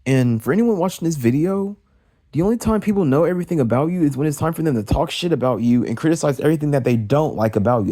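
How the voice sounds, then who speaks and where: Fast-ranting young man, dark voice. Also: medium pitch. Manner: agitated, profane, rapid-fire venting with restarts. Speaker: vlogger. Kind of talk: late-night rant.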